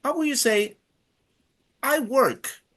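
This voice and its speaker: A man's voice: very high voice, slow pace, a bit bright. A man teaching a live Spanish class, drilling students by counting in and praising each answer.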